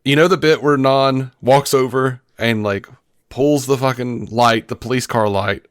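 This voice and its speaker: An animated man co-hosting a film podcast, talking casually and swearing often as he retells scenes. His voice sits at an ordinary middle pitch. The sound is dry and close, with no room around it. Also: measured pace, smooth, dry recording. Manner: animated, profane, acts out movie lines. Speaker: podcast co-host. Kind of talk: casual film-review chat.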